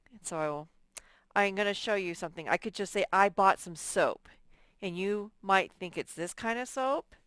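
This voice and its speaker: A woman's voice: mid-range voice, moderate pace, fairly bright tone, clear, resonant tone, no room sound. A woman teaching a reading lesson to young children, drawing out words and sounding out letters. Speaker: first-grade teacher.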